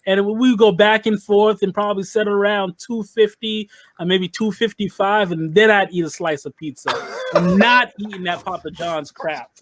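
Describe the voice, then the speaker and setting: A man's voice: high-pitched, fairly even intonation, normal speed, noisy background. A man co-hosting a podcast, ranting and joking in casual banter. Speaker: podcast co-host.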